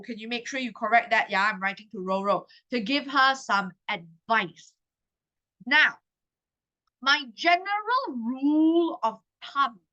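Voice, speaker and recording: This tutor is a thirtysomething woman whose Malaysian English carries a fairly high, bright, forceful tone. She teaches exam prep conversationally, frequently ending lines with "okay?", and the audio quality is low.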